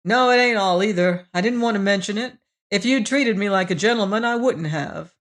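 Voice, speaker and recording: A woman's voice: mid-range voice, lively intonation, a little slow, close to an everyday voice. A woman voicing a shrewd, fat, middle-aged male salesman in an audiobook, jovial and earnest, with blustering salesman talk. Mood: indignant. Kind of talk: audiobook character reading.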